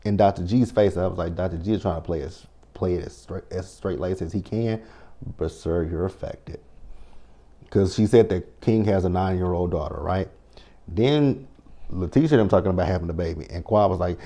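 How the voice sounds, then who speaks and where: A man's voice: low-pitched, animated, moderate pace, long pauses, warm tone. A man recapping a reality TV show in a sassy, blunt, profane way, quoting his own reactions as he goes. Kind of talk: casual recap commentary.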